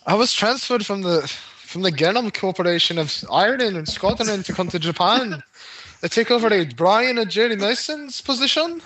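A man's voice: expressive, moderate pace, fairly bright tone, low-quality recording. A man putting on a clumsy Scottish-accented woman officer, in a casual chat. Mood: mock formal. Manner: clumsy mock accent, higher pitched.

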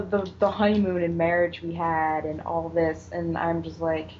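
A woman's voice: fairly low pitch, moderate pace. Woman animatedly recapping a TV episode. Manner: animated retelling, acts out quotes, swears. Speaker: podcast co-host. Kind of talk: casual episode recap chat. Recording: dull lo-fi audio with faint noise.

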